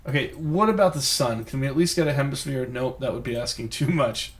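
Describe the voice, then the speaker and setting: A man talking himself through a geography guessing game as he plays. He rambles, thinks out loud and pokes fun at his own cluelessness in a loose, casual flow. His voice sits at a middle pitch for a man. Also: fairly quick. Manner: rambling, thinks aloud, self-mocking. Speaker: game streamer. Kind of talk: live gameplay commentary.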